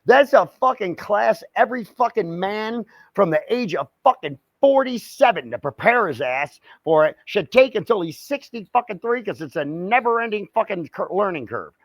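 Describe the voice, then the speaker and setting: A man's voice: sits high, lively intonation, normal speed, hardly any pauses, dry recording. An older man co-hosting a casual podcast chat, rambling and swearing constantly, often laughing. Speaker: podcast co-host.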